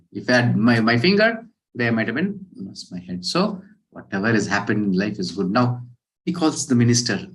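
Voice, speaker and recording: A man giving a scripture class, telling a parable in an animated way and acting out the characters' lines. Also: medium pitch, low-quality recording. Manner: animated storyteller, acts out quoted characters. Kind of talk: storytelling sermon.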